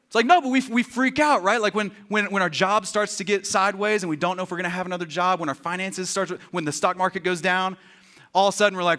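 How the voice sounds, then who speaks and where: A man's voice: high-pitched, quick pace. A man preaching a sermon as pastor, joking and acting out quotes with lots of energy. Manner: animated, joking, acts out quotes. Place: church.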